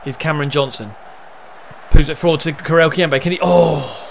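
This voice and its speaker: A man's voice: fairly high pitch, normal speed, creaky, a little hiss or hum. A young man casually commentating on his own football management game, narrating play and cheering on his team. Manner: chatty, narrates match events, erupts with excitement at goals.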